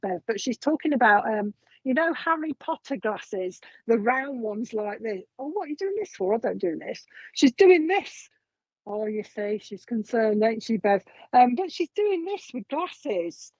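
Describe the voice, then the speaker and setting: A woman medium chats her way through a live reading, meandering and dotted with ums. Her voice sits a little high. The sound is dry and dull, like a lo-fi stream. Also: darkish tone, dry recording. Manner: chatty, meandering, relays messages with frequent ums. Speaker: psychic medium.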